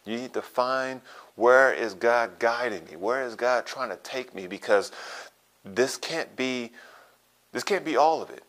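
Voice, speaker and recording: A man's voice: medium pitch, animated, a little slow, a bit bright. A man pastor preaching a sermon, repeating phrases for emphasis and checking in with "okay?".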